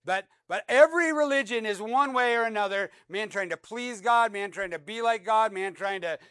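A man with a high, smooth and resonant voice preaches a sermon with great dynamics. He swings from loud, emphatic repeated phrases down to soft, low asides. The recording is dry and close. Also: moderate pace, no echo. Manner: reads scripture aloud, repeats words for emphasis. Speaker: pastor.

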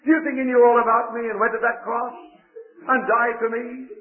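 A man's voice: very high voice, level tone, fairly quick, voice pushed up. A man voicing a frank, earnest young gypsy girl who pleads with emotion. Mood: tearful. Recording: echoey, phone-like lo-fi recording.

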